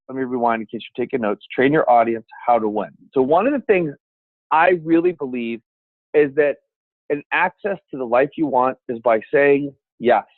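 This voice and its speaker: A man teaching a seminar on speaking with an energetic, emphatic coaching delivery. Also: fairly high pitch, no echo. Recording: dry, phone-like sound.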